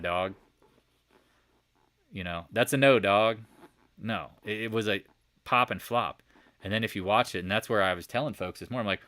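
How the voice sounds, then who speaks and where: Animated man talking through stock charts. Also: lowish voice, dry recording, studio quality. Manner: animated, swearing, jokey asides, frequent sudden loud outbursts. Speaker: stock market recap host. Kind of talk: casual screen-share chart commentary.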